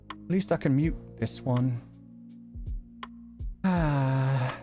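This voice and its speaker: A man's voice: medium pitch, extremely slow, mellow, soft background music. A man talking casually to his chat on a live stream, reacting to videos and laughing often.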